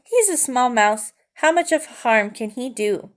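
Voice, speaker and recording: A woman's voice: a little high, expressive, a little slow. A woman voicing a vain, dismissive mother mouse with French airs in a storybook read-aloud, sounding exasperated and scoffing.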